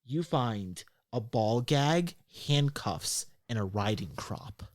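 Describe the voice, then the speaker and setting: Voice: medium pitch, lively intonation, slow pace, dry recording, clean studio sound. A game master narrating a tabletop game in a chatty way with many fillers.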